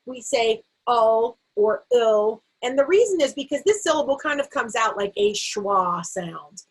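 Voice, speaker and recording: A woman teaching a vocabulary lesson to camera, saying the word slowly and sounding out its syllables. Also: a little high, lively intonation, slightly rough, poor audio. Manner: slow, stretched-out word repetition. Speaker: literacy teacher.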